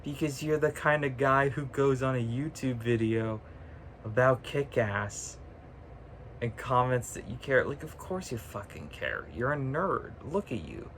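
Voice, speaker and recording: A man of ordinary pitch rants casually and sarcastically to his viewers, cursing freely and breaking into laughs. He sounds like he is filming himself on a phone, with a faint hum of room noise behind him. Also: expressive, measured pace, a bit bright. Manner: ranting, sarcastic, swears freely; laughs often mid-sentence. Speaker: vlogger. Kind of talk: casual chat.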